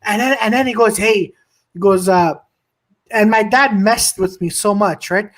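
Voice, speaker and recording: A man's voice: high voice, unhurried, a bit bright. A young man co-hosting a comedy podcast, telling a long funny story in a rambling way, with lots of restarts and repeated "and then". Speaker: podcast co-host.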